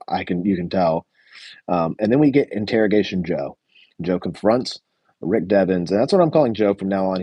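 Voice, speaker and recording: A man's voice: low-pitched, dark tone, breathy edge, no echo. A young man hosting a live show review stream, chatting casually with lots of fillers and answering his chat. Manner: rambling, many fillers, reads live chat.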